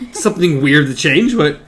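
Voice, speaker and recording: A man co-hosting a casual book discussion podcast, reading passages aloud haltingly with stumbles and side comments. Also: fairly high pitch, fairly bright tone, breathy edge. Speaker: podcast co-host.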